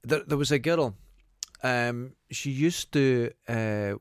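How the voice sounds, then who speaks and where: A man's voice: medium pitch, slow, smooth, no room sound. A Scottish man co-hosting a podcast in casual chat, dropping wry asides. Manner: dry, wry asides, laughs along. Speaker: podcast co-host.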